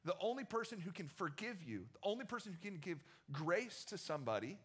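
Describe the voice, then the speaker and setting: A man's voice: sits high, big pitch swings, fairly quick, a bit bright, breathy edge. A young man preaching a casual youth sermon in a church, telling the story in a chatty way with many fillers. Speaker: youth pastor.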